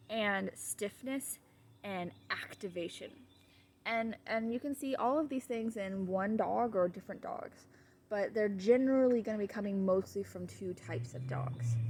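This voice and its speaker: A woman's voice: darkish tone, a little hiss or hum. A woman dog trainer giving a casual, chatty video lesson at home, wandering into asides. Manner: chatty, digressive, switches to high baby talk with her dog. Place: at home with her dogs.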